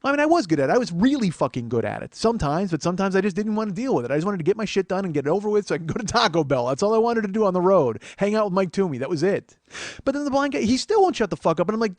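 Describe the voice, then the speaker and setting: Male podcast host, rapid and animated, slightly raised pitch, dry close mic, swears a lot. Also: dry recording. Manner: profane, animated, acts out quotes. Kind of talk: solo storytelling monologue.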